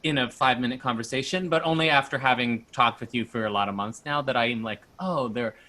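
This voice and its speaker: A man's voice: mid-range voice, fast, sharp tone. A man hosting a casual panel talk over a video call, chatty and full of restarts. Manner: chatty, with many restarts and hesitations. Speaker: host of an online panel talk. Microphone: computer mic on a video call.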